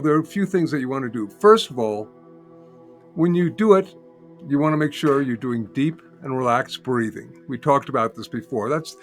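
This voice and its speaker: An older man teaching as a guest in an interview, calmly explaining and demonstrating a humming practice step by step. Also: medium pitch. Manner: calm, patient, repeats steps and demonstrates by humming. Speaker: sound healing teacher, guest. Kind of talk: guided instruction in an interview.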